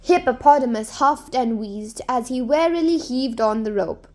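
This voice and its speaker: A woman narrating a folktale to children in a gentle, expressive storybook manner. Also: a little high, normal speed.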